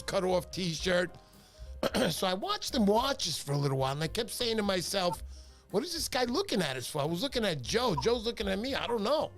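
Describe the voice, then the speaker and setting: Male livestream host, high-pitched, animated storyteller who greets his viewers; faint background music. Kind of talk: casual livestream chat.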